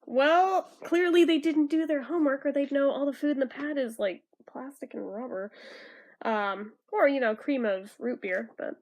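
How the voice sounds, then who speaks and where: A young woman with a high voice chats through a comic as a fan. She is animated and swears freely between the panels. She reads the characters' lines in a plain, offhand voice. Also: moderate pace. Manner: animated, swearing, laughing asides. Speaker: fan reviewer reading a comic aloud. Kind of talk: casual comic read-through.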